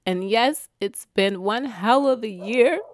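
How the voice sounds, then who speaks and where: A woman's voice: fairly high pitch, slow pace. A woman vlogging, talking through personal struggles in a heartfelt, rambling way with self-corrections. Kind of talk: emotional personal sharing.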